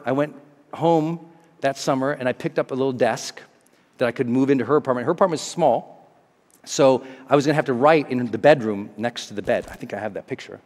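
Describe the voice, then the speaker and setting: A man who works as a motivational speaker tells a personal story to a live audience, acting out scenes with big jumps in his voice. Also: fairly quick. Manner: animated, acts out scenes with big pitch jumps. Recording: echoey hall.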